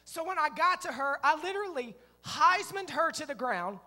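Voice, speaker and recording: A middle-aged man preaching a sermon as pastor, telling stories in an animated way and breaking into shouts. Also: very high voice, normal speed. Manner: animated storytelling, acting out scenes, bursts of shouting. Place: church sanctuary. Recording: long reverb of a church hall.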